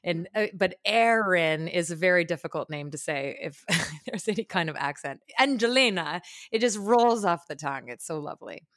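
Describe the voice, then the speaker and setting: A woman's voice: on the low side, animated, moderate pace, dry recording, clean studio sound. A woman hosting a podcast, chatting effusively with her guest. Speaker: podcast host. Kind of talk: casual interview chat.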